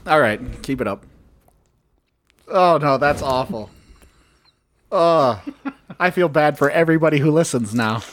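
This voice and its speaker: A man's voice: a little high, lively intonation, a little slow, long pauses. A young adult man co-hosting a podcast in casual chat, with crude, joking banter. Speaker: podcast co-host.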